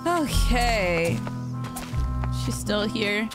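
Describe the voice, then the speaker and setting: A woman's voice: medium pitch, sing-song, very slow. A young woman streaming a video game, reacting with shrieks and laughter. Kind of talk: live game commentary. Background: game music and sounds.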